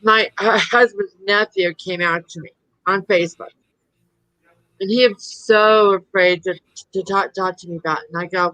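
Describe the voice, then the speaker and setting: A woman hosts a live stream in a bright, forward voice and chats casually and warmly. The sound is dry and close. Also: mid-range voice, steady tone, moderate pace, dry recording, rough recording. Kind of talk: casual chat.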